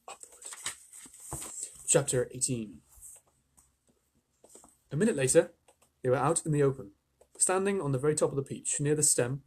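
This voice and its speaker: A man's voice: fairly high pitch, a little mellow, husky. A man reading a children's book aloud live, with playful, chatty asides. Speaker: storyteller.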